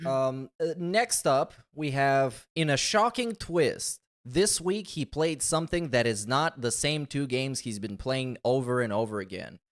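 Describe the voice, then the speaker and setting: A man's voice: medium pitch, expressive, unhurried, few pauses. A man co-hosting a casual podcast, introducing clips in a dry, mocking way with many fillers. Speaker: podcast co-host.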